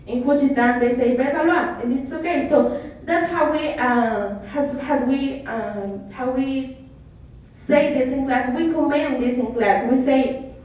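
A woman from the Isthmus of Oaxaca with a Mexican Spanish accent, a Zapotec teacher giving a presentation, halting, with many restarts and fillers. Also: high voice, a little mellow. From Isthmus region of Oaxaca, Mexico. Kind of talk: presentation talk. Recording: echoey room, voice from far off.

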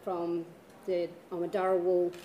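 A woman from the South Coast of New South Wales giving a conference talk, unhurried, with many fillers. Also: lowish voice, monotone, highs cut off, slight background noise. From South Coast of New South Wales, Australia. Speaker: conference presenter. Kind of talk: presentation talk. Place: lecture hall. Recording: echoey hall ambience.

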